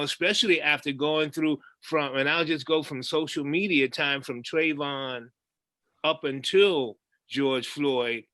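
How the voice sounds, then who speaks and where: A man on a panel who speaks with emphatic frustration, his voice bright and ringing. The recording is dry, with no room sound behind him. His pitch sits a little high for a man. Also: no echo. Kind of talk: panel discussion.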